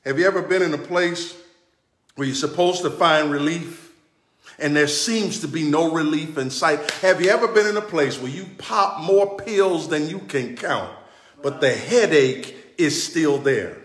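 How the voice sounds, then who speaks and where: A man's voice: on the high side, animated, measured pace, fairly bright tone, a little hiss or hum. A man preaching a sermon as the church's pastor, with a rising and falling preaching cadence, calling on his congregation to keep reading along. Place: church sanctuary. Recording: echoey church sanctuary.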